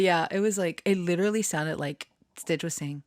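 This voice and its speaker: Giggly low-voiced woman rambling. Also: brisk, few pauses, no room sound, clean studio sound. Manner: giggly, laughs often, restarts with many fillers; self-conscious, embarrassed. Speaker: channeler and storyteller. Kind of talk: rambling casual monologue.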